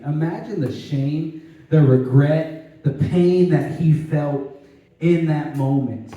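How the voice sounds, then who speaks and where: A man preaching a lively youth sermon, animated and conversational, with tag questions and laughing asides. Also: a little high, a little slow. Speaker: youth pastor. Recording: echoey hall, distant mic.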